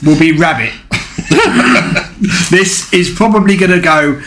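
A man's voice: on the high side, fairly quick, noisy background. A man co-hosting a casual podcast chat, hesitant and self-deprecating. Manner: hesitant, self-deprecating, nervous before singing. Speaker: podcast co-host.

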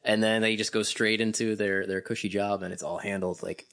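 A man's voice: on the low side, little pitch movement, a little fast, a bit bright. Wry man rambling in a chat. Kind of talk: casual chat.

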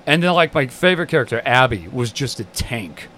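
A man's voice: mid-range voice, lively intonation, a little fast, pushed and bright, a little hiss or hum. A man co-hosting a podcast in casual chat, blunt and crude. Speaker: podcast co-host.

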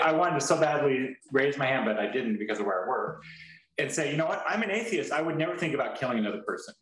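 A man's voice: medium pitch, a bit bright. A man co-hosting a podcast, talking casually in a rambling way with lots of restarts and free swearing. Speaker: podcast co-host. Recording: roomy echo.

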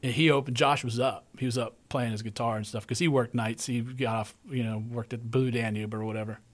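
A middle-aged man spins a casual story in a loose, chatty way, looping back and repeating words as he goes. His voice sits at a middle pitch and moves a little fast, like a relaxed podcast host talking with a guest.

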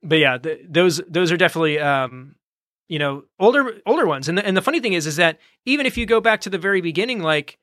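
A man co-hosting a podcast in casual chat, relaxed and rambling with plenty of fillers. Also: fairly high pitch, fast talker, dry recording, studio quality. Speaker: podcast co-host.

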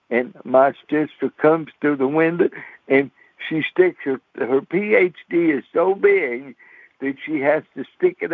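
Gravelly folksy preacher on radio. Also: male voice, on the high side, dry recording. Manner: folksy, animated, mimics banjo twangs. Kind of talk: folksy storytelling sermon. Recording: tinny phone-like dry radio sound.

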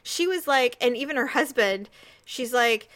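A woman's voice: fairly high pitch, expressive, a little slow, fairly bright tone. A woman co-hosting a casual chat, blunt and emphatic in her opinions. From Mexican heritage. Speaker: podcast co-host.

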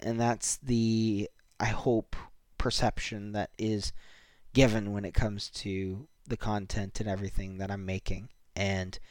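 A young man hosting his own podcast, talking earnestly and haltingly as he signs off the season, a little emotional and grateful. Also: fairly low pitch, darkish tone, smooth, no room sound, studio quality. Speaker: podcast host. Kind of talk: solo podcast sign-off.

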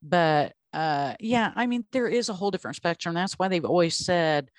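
A woman's voice: fairly low pitch, normal speed, no echo. A woman hosting a casual podcast chat, speaking bluntly and emphatically as a parent advocate.

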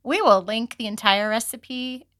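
Bright-voiced teasing woman co-host. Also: fairly high pitch, unhurried. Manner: playful, teasing, talks with many fillers. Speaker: podcast co-host. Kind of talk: casual chat.

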